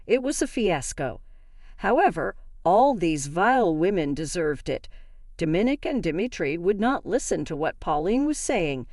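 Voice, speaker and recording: A woman's voice: on the low side, no echo, studio quality. A woman narrating a dramatic first-person family story, reading every character's lines in much the same voice. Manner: reads all characters in an even narrating voice.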